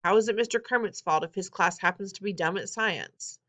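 Wry, expressive woman reading a novel. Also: medium pitch, a little fast. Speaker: audiobook reader. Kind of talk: novel read-aloud, first-person teen narration.

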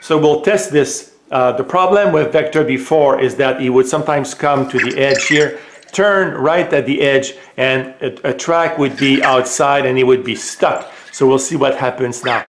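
A man with a French accent, casually demonstrating a gadget at home, hesitant with many filler pauses. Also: mid-range voice, roomy sound, a little hiss or hum. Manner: raises voice for voice commands. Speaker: tech reviewer. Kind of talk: casual product demo. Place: home room.

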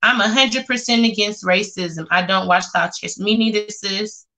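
A woman's voice: medium pitch, moderate pace, sharp tone. A woman chatting casually on a live stream, reading comments aloud and reacting with sass. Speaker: vlogger reading live chat.

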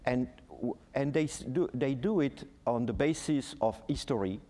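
A man's voice: mid-range voice, normal speed, big-room sound. A man in his sixties with a French accent, speaking as a guest ambassador in a panel conversation, hesitant with many fillers. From France. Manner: hesitant, animated storytelling with frequent fillers.

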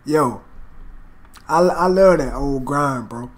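Guy hyping up on his reaction channel, cursing, mid-pitched, super excitable. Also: takes it slowly. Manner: excitable, hyped, swears a lot. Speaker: reaction video host. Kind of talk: casual reaction commentary.

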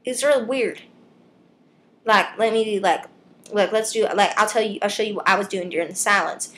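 A woman's voice: mid-range voice, normal speed, a bit bright. A woman vlogger ranting on camera in a comedic, rambling way, trailing off and restarting mid-sentence. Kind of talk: comedic vlog rant. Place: filming herself on camera.

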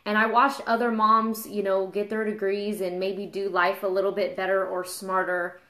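Woman, 30s, mom and fitness trainer, candid and confessional, casual live video talk, mid-pitched, echoey room. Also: level tone, moderate pace, a bit bright. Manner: candid, confessional, gets emotional.

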